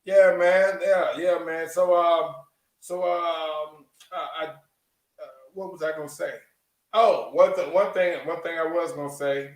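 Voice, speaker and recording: A man's voice: fairly high pitch, fairly even intonation, measured pace, far from the mic. A man hosting a casual podcast chat, talking in a rambling, hesitant way as he gives advice. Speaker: podcast host. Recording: roomy sound, set back from the mic.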